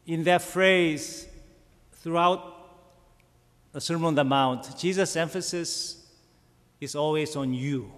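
Slow-preaching man in an echoing hall. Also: fairly high pitch, fairly bright tone. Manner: slow, emphatic preaching with rhetorical questions. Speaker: pastor. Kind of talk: sermon. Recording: long reverb of a church hall.

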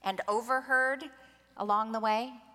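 A woman's voice: on the high side, fairly even intonation, a little slow, bright, forceful tone, in a large hall. A woman preacher giving a sermon, telling a story expressively and acting out the voices in it.

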